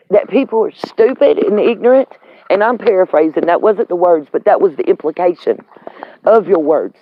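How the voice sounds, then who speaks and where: A woman with a drawl vents in a heated, profanity-laced live stream rant and talks straight to the camera. Her voice comes through thin and tinny, like a phone line, at an ordinary middle pitch. She is on the road as she talks. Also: no room sound. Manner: heated, profane, Southern-tinged slang. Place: in a vehicle on the road.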